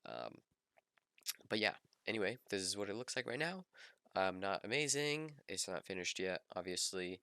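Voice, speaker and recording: Speaking at a moderate pace in a deep voice with big pitch swings, a young man casually talks through his own 3D modeling project in voice-over. The tone is sharp and smooth, recorded at studio quality with no echo, while he rambles with many ums and restarts and pokes fun at himself in a relaxed, self-deprecating way.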